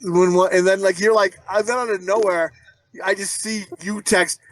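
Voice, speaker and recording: A man's voice: sits high, fairly even intonation, normal speed, dry recording, rough recording. A man co-hosting a podcast, telling rambling stories and teasing his friends with crude, profane jokes. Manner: rambling storyteller. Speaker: podcast co-host. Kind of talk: casual chat.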